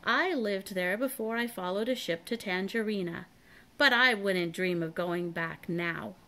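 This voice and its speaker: A very old male seagull from a storybook, croaky and set in his ways, as a woman reads him aloud. He answers plainly and without fuss. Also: mid-range voice, measured pace, pushed and bright. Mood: matter-of-fact. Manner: croaking, matter-of-fact.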